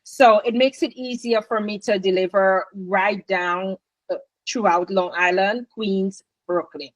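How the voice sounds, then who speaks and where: A woman, a business owner chatting as a guest in an interview, animated and talkative. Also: mid-range voice, a little slow, dry recording, rough recording. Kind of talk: casual interview chat.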